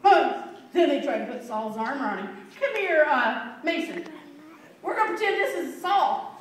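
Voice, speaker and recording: Female children's teacher, very high voice, playful and questioning; distant mic with faint background hiss. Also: lively intonation, moderate pace. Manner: playful, asks the children questions, laughs often. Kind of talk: animated storytelling to children. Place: church room with children. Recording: echoey room, mic far off, faint noise.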